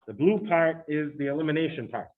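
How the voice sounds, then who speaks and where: A man's voice: fairly high pitch, fairly quick. A man lecturing on chemistry to students in a chatty way, with joking asides. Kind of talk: recorded lecture. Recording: tinny phone-like lecture audio.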